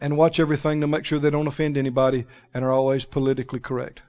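A man preaching a sermon, emphatic and animated, often breaking into laughter. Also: medium pitch, very fast. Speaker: pastor. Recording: dull lo-fi recording.

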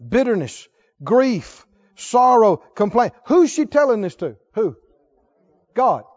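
A man's voice: very high voice, sing-song, slow pace, darkish tone. A male preacher delivering a sermon, firing rhetorical questions and repeating words for emphasis, on a dull lo-fi recording.

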